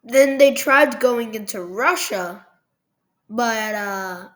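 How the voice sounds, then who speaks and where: Female narrator, casual and jokey history explainer; slow pace, fairly high and animated pitch. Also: low-quality recording. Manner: jokey, loose, with lots of ums and "were like". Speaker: video narrator. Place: at a computer, recording over a screen.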